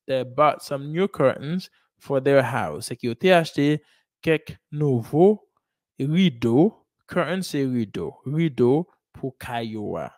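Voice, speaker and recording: A man's voice: mid-range voice, animated, slow, no room sound. Male English teacher, patient and repetitive, close dry sound. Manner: explains in Haitian Creole and French, repeats English sentences; asks and praises students, says "ok?" and "good job". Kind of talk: classroom teaching.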